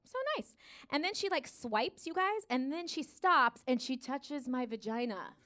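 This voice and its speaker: Bright high-voiced American woman doing stand-up. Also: unhurried. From United States. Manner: animated storytelling, acts out voices, laughs at her own jokes. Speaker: stand-up comedian. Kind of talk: live stand-up routine. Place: comedy stage in front of a live audience.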